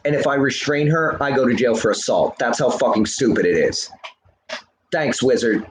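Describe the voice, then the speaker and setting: A man's voice: mid-range voice, normal speed, roomy sound, a little hiss or hum. A man livestreaming, ranting at his chat in a heated, profane, lecturing way while smoking a cigarette. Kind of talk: live stream rant to chat.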